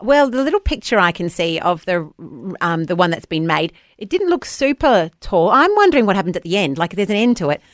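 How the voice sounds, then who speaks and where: A woman hosting breakfast radio, bubbly and quick to laugh. Her voice rises and falls in lively leaps. The studio sound is close and dry. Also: on the low side, no room sound. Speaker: radio breakfast show host. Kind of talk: casual radio banter.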